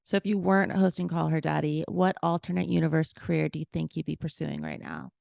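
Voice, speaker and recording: Gravelly low-voiced woman host. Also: expressive, quick pace, no echo. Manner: brief warm reactions and interview questions. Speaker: podcast host. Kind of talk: casual chat.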